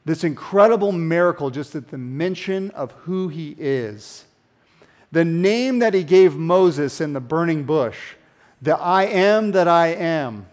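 A man with a fairly high voice preaches a sermon. He talks to the congregation conversationally and with animation, then falls to a hushed tone to stress a point. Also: expressive, unhurried. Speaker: pastor.

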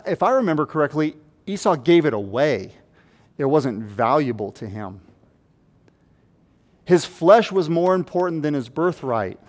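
A man preaching an expository sermon, swinging from loud, acted-out quotes to hushed asides. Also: a little high. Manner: acts out quoted voices.

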